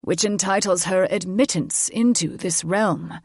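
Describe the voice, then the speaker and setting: A woman voicing a big, protective older male dragon grandfather with a calm, wry manner. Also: mid-range voice, a little slow, dry recording, studio quality.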